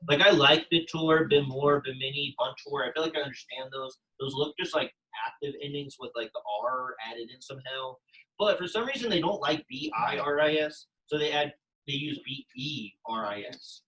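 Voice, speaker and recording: A man's voice: a little high, normal speed, pushed and bright, slight background noise, poor audio. A young man teaching a Latin class in a classroom, chatty and casual, full of "like" fillers. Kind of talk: classroom lesson.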